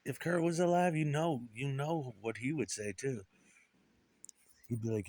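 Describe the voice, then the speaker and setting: A man's voice: medium pitch, expressive, a little slow, a little mellow, no echo. A middle-aged man talking bitterly and profanely in a rambling monologue about guitar and his past. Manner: profane, bitter, puts on voices for quoted people.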